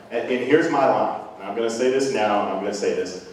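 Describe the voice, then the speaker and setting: A man's voice: fairly low pitch, fast talker, slight background noise. A middle-aged man giving a rambling, earnest, self-deprecating speech to parents as a band director. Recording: echoey hall from far off.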